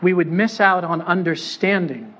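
A man's voice: high voice, normal speed, fairly bright tone, lo-fi sound. A pastor preaching a sermon in a church, conversational and joking as he puts questions to the congregation.

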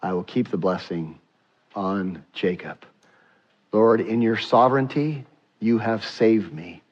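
A man voicing an old father who is shaken and contrite, speaking in a hushed, slow way. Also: fairly low pitch, dull audio, voice pushed down.

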